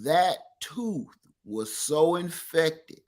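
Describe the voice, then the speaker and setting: A middle-aged man with an East Texas accent, co-hosting a livestream and telling stories in animated, folksy casual chat. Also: fairly high pitch, drawn-out words. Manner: animated storyteller, folksy Southern talk. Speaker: livestream co-host.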